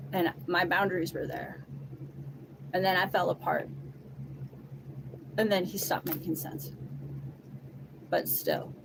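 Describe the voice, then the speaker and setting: A woman giving an emotional personal testimony, profane and halting, swinging between loud outbursts and quiet sighs. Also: mid-range voice, noisy background. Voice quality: profane, raw and halting, many restarts.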